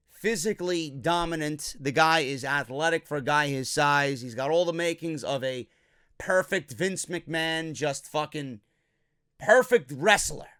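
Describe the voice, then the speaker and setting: A man's voice: on the high side, pushed and bright, smooth, no room sound, studio quality. A man recapping a wrestling show in a casual, blunt, opinionated way, swearing freely.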